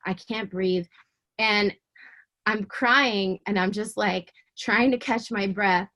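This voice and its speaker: A woman guest tells her faith story in an interview, her voice sitting at an ordinary middle pitch. She speaks with raw emotion, stumbling and repeating words as she pushes through, then turns fervent and earnest. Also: slow pace, bright, forceful tone. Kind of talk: personal faith testimony in conversation.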